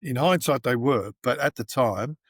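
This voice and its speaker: A middle-aged man with an Australian accent tells a rambling anecdote as an interview guest. His voice sits in an ordinary middle pitch, full of fillers and restarts. The sound is dry and close. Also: animated, normal speed, husky, no room sound. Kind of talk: casual storytelling interview.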